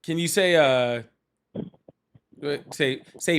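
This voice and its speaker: A male host runs a live call-in show. His voice sits a bit high, and he teases callers in a quick, casual, joking way. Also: expressive, a bit bright, a little hiss or hum.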